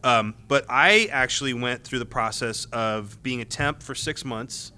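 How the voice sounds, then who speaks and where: Bright-voiced man telling panel stories. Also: medium pitch. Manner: rambling, with many restarts and quick laughs. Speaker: former game tester on a panel. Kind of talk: convention panel talk.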